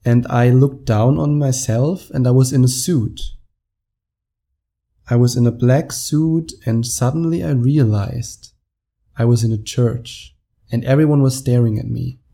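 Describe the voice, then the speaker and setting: A young man with a German accent talks straight into the mic, laughing now and then as he acts out what people said. His voice is very dark and mellow, with a relaxed tone. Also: medium pitch, measured pace, creaky. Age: 20s. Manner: animated storyteller, laughs often, acts out quotes. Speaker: podcast host. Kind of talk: casual monologue.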